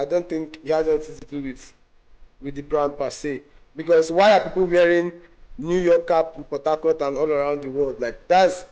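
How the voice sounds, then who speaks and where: A man answering interview questions in a relaxed way, often repeating and restarting words. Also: a little high, rough recording. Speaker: brand owner and interview guest.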